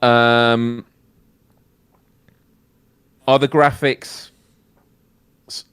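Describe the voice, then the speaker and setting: A man's voice: medium pitch, flat delivery, extremely slow, fairly bright tone, smooth, no echo. A British man who co-hosts a live stream and chats in a self-deprecating, good-humoured way. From Britain. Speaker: guest co-host. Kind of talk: casual live-stream chat.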